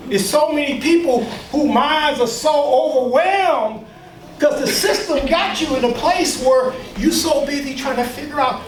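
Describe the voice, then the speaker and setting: Emphatic male speaker with a very high voice, preacher-like cadence, heard from far off in an echoey room. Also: a little hiss or hum. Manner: emphatic, preacher-like, with call-and-response and mocking asides. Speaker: workshop leader and speaker. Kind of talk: lecture to a live audience.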